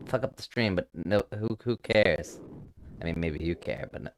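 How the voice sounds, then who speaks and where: A man's voice: sits low, normal speed. A man chatting casually on a live stream through a headset mic, rambling, swearing offhandedly and poking fun at himself.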